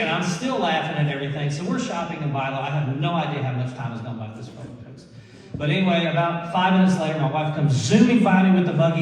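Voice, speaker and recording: A man telling a lively personal story to an audience, laughing and acting out the people he quotes. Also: a little high, brisk, a crowd in the background. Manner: animated, laughing storyteller who acts out quotes. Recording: echoey hall, mic far off.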